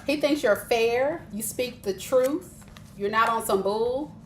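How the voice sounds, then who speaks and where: Slow-talking, giggly woman reading tarot live. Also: fairly high pitch, fairly bright tone, a little hiss or hum. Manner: chatty, laughs often, teasing, talks straight to viewers. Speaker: tarot reader.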